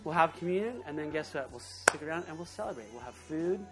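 A man pastor giving a casual, animated Bible study sermon. He voices the imagined speakers himself. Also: on the high side, fast, over loud music.

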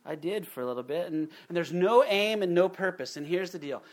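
A middle-aged man preaching a sermon in an animated way, acting out quotes in different voices. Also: high-pitched, fairly quick. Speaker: pastor.

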